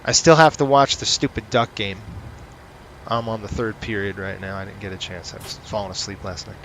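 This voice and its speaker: A man's voice: on the low side, fairly even intonation, a little fast, fairly bright tone, a little hiss or hum, poor audio. Guy narrating his flight sim run, chatty and sarcastic, reading off checklists. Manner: chatty, rants sarcastically between checklist callouts. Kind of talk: casual gameplay commentary.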